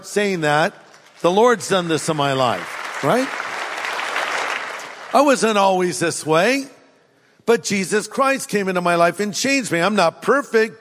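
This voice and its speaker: High-voiced male pastor preaching in a reverberant hall. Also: fairly bright tone. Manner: humorous, acts out everyday people in quick asides. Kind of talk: sermon.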